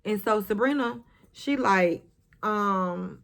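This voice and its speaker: A woman's voice: on the high side, moderate pace, fairly bright tone. A young woman recapping a TV episode in a casual, sassy, blunt way, swearing and talking back to the characters. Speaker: recap vlogger.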